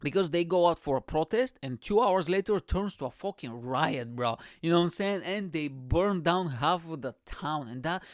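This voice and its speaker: A man's voice: on the high side, expressive, normal speed, few pauses, no echo, clean studio sound. A male comedian hosting his own podcast, rambling in a casual comic monologue, swearing a lot and tagging lines with bro and you know what I'm saying. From immigrant.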